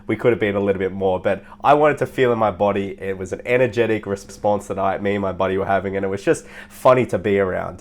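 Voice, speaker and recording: A man who coaches people on their social life, telling stories in a casual, animated way, laughing and swearing as he goes. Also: on the low side. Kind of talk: casual storytelling monologue.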